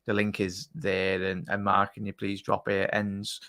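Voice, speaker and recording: A low, gravelly male voice with a bright, forceful edge. He hosts a casual fan live stream and banters with his guests while reading out chat. The sound is dry and close. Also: monotone, a little slow, no room sound. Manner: chatty, teasing, reads out chat messages. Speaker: host.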